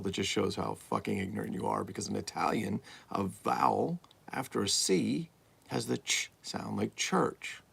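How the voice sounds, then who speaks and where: A man's voice: sits low, vocal fry, fairly bright tone. A man talking casually and bluntly as he unboxes vintage toys, rambling and swearing freely. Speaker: toy collector vlogger.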